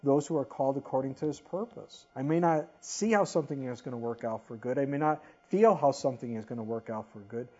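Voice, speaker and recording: A middle-aged man preaching a conversational sermon, swinging between loud emphasis and quiet, soft passages. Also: medium pitch, fast, hardly any pauses, breathy edge, lo-fi sound. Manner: conversational, rises and drops in volume for emphasis. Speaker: pastor.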